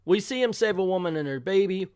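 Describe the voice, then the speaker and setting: A man's voice: high-pitched, expressive, fast talker, darkish tone, clean tone, no echo, studio quality. A man casually reviewing an old comic book, joking irreverently and reading captions aloud.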